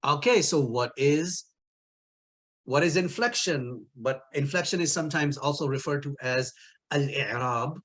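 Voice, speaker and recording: Man, online lecture, linguistics teacher, mid-pitched, playful, laughs at own jokes. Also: animated, unhurried, a bit bright. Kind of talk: recorded online lecture with quiz.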